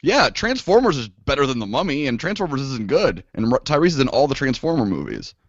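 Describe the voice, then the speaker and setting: A man's voice: mid-range voice, big pitch swings, a little fast, no echo. A young man co-hosting a podcast, talking in a laid-back casual way with lots of fillers. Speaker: podcast co-host. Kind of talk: casual chat. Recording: dull lo-fi dry sound.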